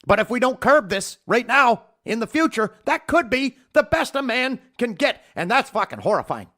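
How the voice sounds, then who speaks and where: A man's voice: very high-pitched, sing-song, normal speed, sharp tone. A man hosting a podcast, delivering a heated, profane rant. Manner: profane, heated, emphatic ranting. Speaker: podcast host. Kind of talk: ranting podcast monologue. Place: home podcast studio.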